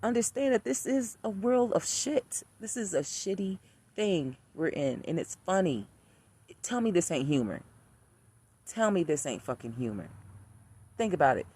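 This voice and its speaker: A man's voice: high voice, sing-song, darkish tone, slightly rough. A man talking in a blunt, profane casual rant about spirits, repeating himself for emphasis. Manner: blunt, profane, rapid-fire repetition. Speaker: spiritual practitioner ranting to camera.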